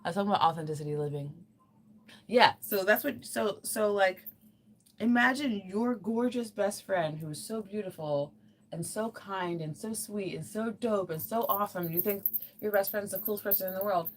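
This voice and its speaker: A woman's voice: mid-range voice, normal speed, slight background noise. A woman livestreaming while crafting, chatting casually in an earnest, rambling way with lots of fillers.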